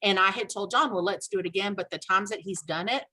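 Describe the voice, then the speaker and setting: A woman casually telling a personal story on a video call, animated and acting out the dialogue she quotes. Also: medium pitch, quick pace, rough recording. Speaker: guest sharing a testimonial.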